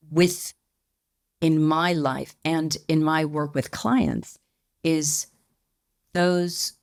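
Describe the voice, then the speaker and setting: A woman being interviewed as a company founder, speaking in a reflective, measured way and often hedging her points. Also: low voice, creaky, no echo, clean studio sound. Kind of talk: podcast interview.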